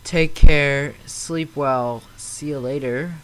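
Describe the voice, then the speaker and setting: A man's voice: on the high side, steady tone, slow pace, fairly bright tone, slight background noise. A man streaming a flight simulator from home, chatting loosely and answering viewers' messages aloud as they come in. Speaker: flight sim live streamer. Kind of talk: casual live-stream chat.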